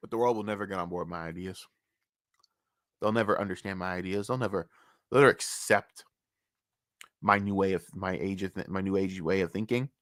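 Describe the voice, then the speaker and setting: A streamer ranting on a live stream, cursing constantly, dropping to low mutters and then bursting out loud, and often repeating the same phrase several times. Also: a little fast, long pauses, no room sound, studio quality. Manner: profane, swings between low muttering and loud outbursts.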